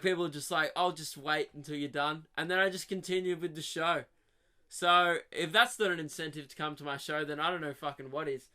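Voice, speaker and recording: A young man from Australia, hosting a podcast with a rambling, swearing comic monologue that swings from loud rants to mutters. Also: on the high side. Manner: swearing, animated rants with sudden drops to mutters. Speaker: comedian podcast host.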